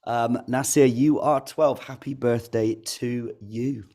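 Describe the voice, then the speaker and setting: A man co-hosting a school radio show, talking casually and relaxed, with many fillers. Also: medium pitch, slow. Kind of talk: casual live chat.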